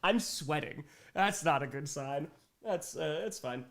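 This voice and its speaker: Young guy streamer, high voice, rambly and giggly, bright tone. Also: expressive, unhurried. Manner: giggly, rambling, thanks donors. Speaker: livestream host. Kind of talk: casual livestream chat.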